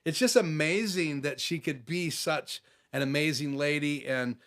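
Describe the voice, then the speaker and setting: A man with a voice a touch higher than usual hosts a relaxed live stream from his home office. He talks in a loose, chatty way, reading out viewer comments and answering each one. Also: a little slow. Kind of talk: casual live stream chat.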